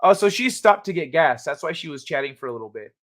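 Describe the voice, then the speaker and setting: A man hosting a live stream, chatting casually and reading viewer comments in a jokey, animated way, laughing often. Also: on the high side, fast.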